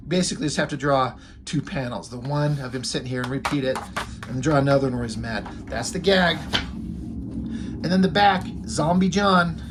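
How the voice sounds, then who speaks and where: Man, casual comic review, offhand, wry, rambling, mid-pitched voice. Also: moderate pace, noisy background.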